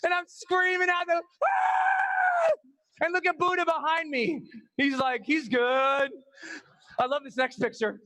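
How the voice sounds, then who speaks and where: A man giving an energetic storytelling talk at a live event, acting out scenes and shouting the dramatic parts. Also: extremely high pitch, moderate pace, rough recording. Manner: animated, acts out scenes and screams. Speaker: motivational speaker.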